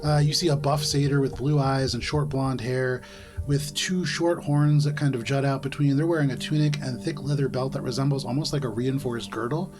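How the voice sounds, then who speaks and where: A man runs a tabletop game, describing the scene in loose, rambling narration full of fillers and self-corrections. His voice sits at a middle pitch, with music playing under it. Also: fairly even intonation, normal speed. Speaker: game master.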